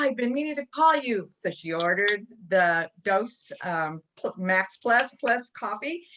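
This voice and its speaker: A woman on a video call tells a personal story in a rambling way. She stops often with ums and restarts. Her voice sits at an ordinary middle pitch. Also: fairly bright tone. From California. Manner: rambling, hesitant, many ums. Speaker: participant on a coaching call.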